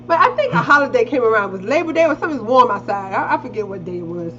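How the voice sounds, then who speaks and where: Woman co-host, middle-aged, casual and profane, animated storyteller with a wide-ranging voice, lo-fi audio. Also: racing. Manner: animated, acts out quotes with big pitch jumps; casual, swears freely. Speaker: podcast co-host. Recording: slightly dull lo-fi audio with faint hiss.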